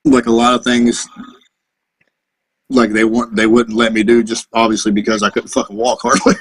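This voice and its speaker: A man's voice: medium pitch, animated, moderate pace, slightly rough, dry recording, poor audio. A Marine veteran in his thirties, a podcast guest telling profane, rambling anecdotes in a casual chat. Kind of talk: casual storytelling.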